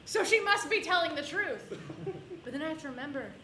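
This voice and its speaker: A woman tells a comic personal story on stage, animated and quick to land punchlines. Her voice sits high, and it rings through an echoey room over constant background noise. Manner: comic, animated, with audience laughter between lines. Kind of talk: live personal storytelling performance. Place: stage before a live audience.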